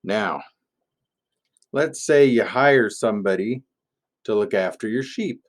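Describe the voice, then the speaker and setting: A pastor gives a family message in a gentle, playful storytelling manner, pausing often between thoughts. His voice sits on the low side for a man, and he speaks at a very unhurried pace. The tone is easygoing and homely. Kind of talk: children's object-lesson sermon.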